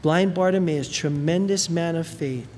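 A preacher gives an animated sermon, retelling a story with casual asides. The voice rings through a large hall with a long reverb, and faint noise sits underneath. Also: mid-range voice, a little slow. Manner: animated storytelling, many fillers.

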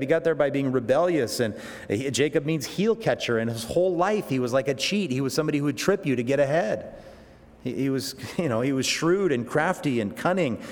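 A man preaching a verse-by-verse sermon, rising to loud emphatic peaks and dropping to slow, quiet asides, with frequent restarts. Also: medium pitch. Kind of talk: expository sermon. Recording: long hall reverb.

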